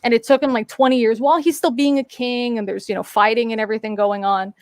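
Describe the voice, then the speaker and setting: A woman's voice: a little high, fairly even intonation, fast, no room sound, clean studio sound. A woman in casual chat on a live stream, telling a story with lots of fillers and playful voice mimicry. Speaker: guest on a live talk stream.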